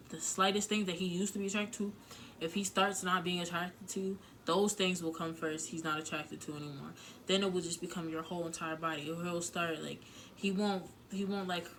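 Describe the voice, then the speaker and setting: There's slight background noise as a woman with a lowish, somewhat bright voice shares frank relationship advice in a casual vlog. Emotional and close to tears at points, she talks candidly, swears a bit, and uses plenty of filler words.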